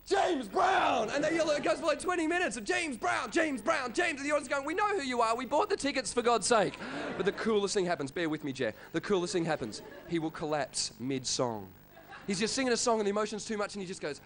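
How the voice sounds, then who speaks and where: A man with an Australian accent doing an energetic stand-up routine, working the crowd and shouting impressions. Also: high voice. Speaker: stand-up comedian. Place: comedy club stage. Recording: live comedy club with crowd and noise.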